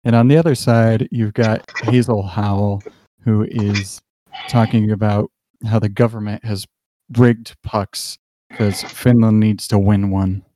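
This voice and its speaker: A man with a low, mellow voice runs a tabletop game and narrates the scene at an easy, halting pace. The sound is dry and close, with no room around it. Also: no echo. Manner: relaxed, halting scene-setting with fillers. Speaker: game master.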